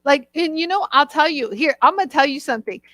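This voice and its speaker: Woman co-host, high voice, animated storyteller, reads out comments. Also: quick pace, dry recording. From Los Angeles. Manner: animated storyteller reading viewer comments aloud. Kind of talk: casual live-stream chat.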